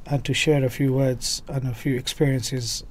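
A man from Leicester, a religious scholar, speaking as a guest in a measured, formal way. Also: mid-range voice, little pitch movement, a little hiss or hum. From Leicester, England. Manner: measured, formal, opens with Arabic phrases. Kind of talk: podcast interview.

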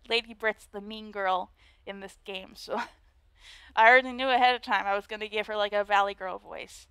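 A woman's voice: mid-range voice, steady tone, moderate pace, sharp tone, clean tone, no room sound. A woman commenting casually as she plays a story game, chatty and giggly. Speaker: let's play streamer.

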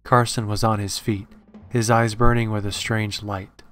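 A man narrating a horror story in a measured, dramatic reading. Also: fairly low pitch, level tone. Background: faint horror background music.

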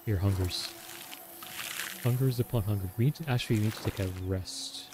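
Over a survival game, a man with a fairly low voice chats and muses aloud at normal speed, reading the in-game text as he plays. The background is noisy.

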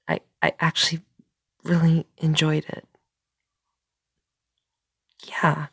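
Soft-spoken, stammering woman with a husky, gravelly voice. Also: low-pitched, steady tone, takes it slowly, pauses often, no echo, studio quality. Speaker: audio role-play performer. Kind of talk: scripted audio role-play as a caring friend.

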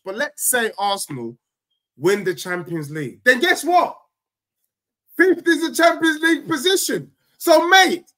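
Young man, high voice, very lively pitch, emphatic football-fan rant. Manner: animated, emphatic, ranting with rising outbursts. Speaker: football podcast co-host, fan. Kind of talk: casual football debate.

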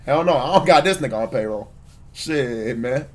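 A man's voice: mid-range voice, animated, normal speed. A man streaming a casual reaction, talking loosely to his chat with lots of slang and swearing. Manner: laid-back, profane, slangy, talks to chat.

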